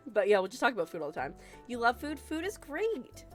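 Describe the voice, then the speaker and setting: A woman chatting casually with viewers during a live game stream, excitable and quick to gasp and laugh. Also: medium pitch, over music. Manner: excitable, gasping and laughing often. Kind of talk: casual live-stream chat while gaming.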